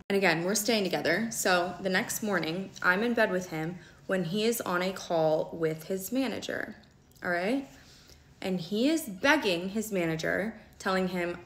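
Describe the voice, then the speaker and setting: Woman, late 20s, storytime vlogger: blunt and chatty, lowish voice, roomy echo. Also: pushed and bright. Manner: candid and quick, with frequent "okay?" check-ins and swearing. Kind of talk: casual storytime monologue.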